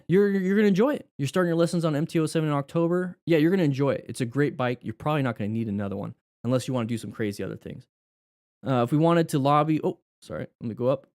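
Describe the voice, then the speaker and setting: A man's voice: mid-range voice, creaky, no room sound, clean studio sound. A man hosting a live motorcycle class, reading out viewer questions and answering them casually, thinking aloud and correcting himself as he goes. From United States.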